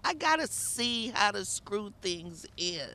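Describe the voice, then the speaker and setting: A woman tenant giving emotional testimony at an outdoor rally, exasperated and sometimes shouting. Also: mid-range voice, sing-song, slow.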